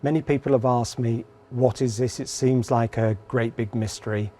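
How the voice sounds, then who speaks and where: A man calmly and earnestly presenting a spiritual healing course in an instructional video. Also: mid-range voice, normal speed, soft background music.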